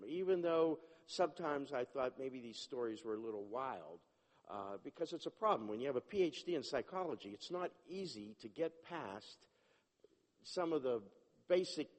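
A man giving a personal testimony, animated and acting out the dialogue, often restarting his sentences. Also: medium pitch. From Jewish upbringing, not a place. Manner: animated, acts out dialogue, self-interrupting. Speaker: testimony speaker. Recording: long hall reverb.

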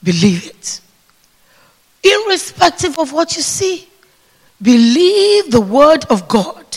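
A man preaching a sermon to a seated congregation, calling for responses and swinging between hushed whispers and shouts. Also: very high voice, sing-song, slow pace. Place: church hall with seated congregation. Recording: long reverb of a large hall.

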